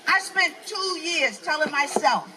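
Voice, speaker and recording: A woman's voice: high voice, expressive, unhurried, sharp tone, a little hiss or hum, poor audio. An older woman with a New York accent doing a live stand-up set, ranting in a brash, profane, preachy way. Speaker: stand-up comedian. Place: outdoor festival stage.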